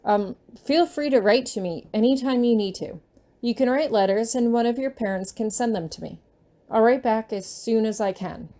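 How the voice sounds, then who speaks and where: A woman reading her fan fiction aloud in a gentle, unhurried storytelling manner. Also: on the high side.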